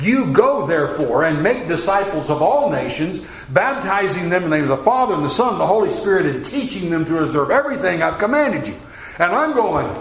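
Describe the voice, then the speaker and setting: A man preaching a sermon in an animated way, acting out quoted voices and sometimes dropping to a hush. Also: a little high, brisk, roomy sound, poor audio.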